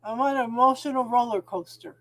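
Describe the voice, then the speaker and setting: A woman's voice: on the high side, fairly quick. A middle-aged woman hosting a casual spiritual talk stream, chatting sympathetically with viewers and calling them hun.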